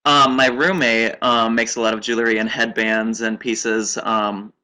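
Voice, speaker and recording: A young-sounding man chats on a video call about the clothes he makes. His voice is bright and a bit tense, and he talks modestly with giggles, rambling from one thing to the next. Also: lowish voice, level tone, measured pace. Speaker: guest designer. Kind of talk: casual interview chat.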